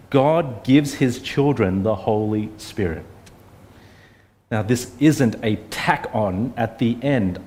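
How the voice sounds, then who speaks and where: A man preaches at a middle pitch, earnest and conversational. He leans on rhetorical questions and talks his listeners through each point plainly. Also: darkish tone. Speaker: pastor. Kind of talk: sermon.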